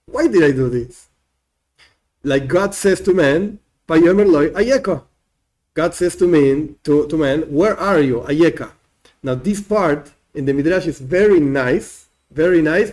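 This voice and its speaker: Man, informal religious lesson, slightly high voice, very lively pitch. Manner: animated, acts out quoted lines, repeats words. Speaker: teacher explaining Midrash.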